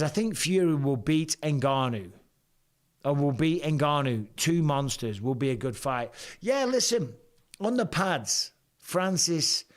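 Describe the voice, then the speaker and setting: A man with an English accent in his forties, hosting a live reaction stream, talking bluntly and joking with plenty of swearing. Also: fairly high pitch. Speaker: host.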